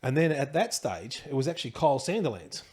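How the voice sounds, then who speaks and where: A man's voice: medium pitch, big pitch swings, quick pace, darkish tone, slightly rough. A middle-aged Australian man telling a rambling, slangy story as a podcast guest, chuckling as he goes. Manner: rambling, chuckling, loose slangy delivery with restarts. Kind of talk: casual anecdotal storytelling.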